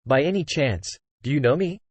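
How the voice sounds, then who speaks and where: A synthetic male narrator voicing a hesitant, sly young man who stammers and speaks haltingly. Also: fairly high pitch, expressive, dry recording.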